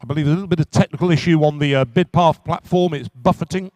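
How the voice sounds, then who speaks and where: A man working as an auctioneer at a live car auction, calling bids in quick repetitive runs. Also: fairly high pitch, a little mellow, no room sound. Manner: rapid repetitive bid calling.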